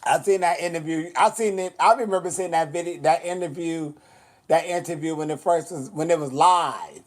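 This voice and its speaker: A man's voice: a little high, normal speed. A man chatting casually on a livestream, sassy and blunt, swearing a lot as he answers comments.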